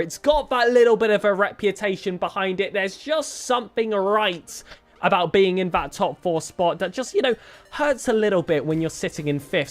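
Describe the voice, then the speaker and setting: A man, casting an esports match preview in an upbeat, chatty manner. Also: high voice. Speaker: esports caster.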